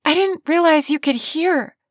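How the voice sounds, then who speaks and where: A woman's voice: high-pitched, measured pace, dry recording, studio quality, voice pushed up. A woman voicing an anxious, flustered young woman, her lines lifted, eager and nervous in an audiobook.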